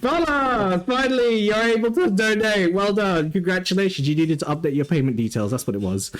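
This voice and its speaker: A man hosting a casual live stream, talking close to his microphone. His voice sits a little high and swings up and down a lot as he laughs and reacts to chat. He gets excited and loud fast. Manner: laughs often, excitable, shouts when donations come in. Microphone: desk mic close up.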